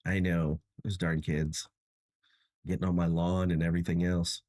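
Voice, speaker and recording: A man's voice: deep voice, little pitch movement, moderate pace, a little mellow, dry recording, studio quality. A tired young man hosting a livestream, chatting casually with viewers in a self-mocking way and laughing often. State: tired and achy. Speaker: livestream host.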